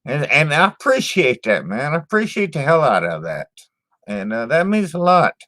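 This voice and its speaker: A man's voice: fairly high pitch, very animated, moderate pace, a bit bright, no echo, clean studio sound. A man hosting his own channel and chatting casually with viewers, blunt and profane, stumbling over repeated words and ending lines with "man.". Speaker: channel host reading live chat. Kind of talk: casual live-stream chat.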